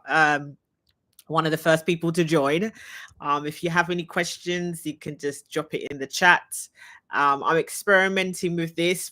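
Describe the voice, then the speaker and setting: This low, fairly bright voice belongs to an English-accented woman, a leadership trainer hosting a live Q&A. She wanders around her home on a live stream, chatting casually, rambling and thinking aloud.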